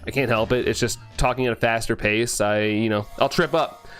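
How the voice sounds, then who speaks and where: A man casually chatting on a live stream, greeting viewers and answering chat, talking fast and sometimes tripping over his words. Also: mid-range voice, steady tone, a bit bright, faint music behind.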